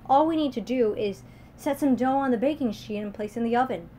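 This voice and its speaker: A woman plays an easygoing young hostess with a bright, cheerful lilt. The voice sits higher than the reading voice, with a faint hiss behind it, storybook style. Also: fairly quick, close to an everyday voice.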